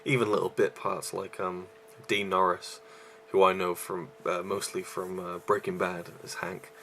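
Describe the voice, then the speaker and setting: A man's voice: low-pitched, flat delivery, measured pace, fairly bright tone, slight background noise. A man reviewing a movie in a casual vlog, out of breath and rambling with many fillers and restarts.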